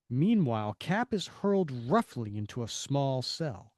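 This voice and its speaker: A man's voice: mid-range voice, very animated, a little slow, few pauses, darkish tone, no echo, clean studio sound. A man co-hosting a podcast, reading comic narration and dialogue aloud. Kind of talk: comic book read-through podcast.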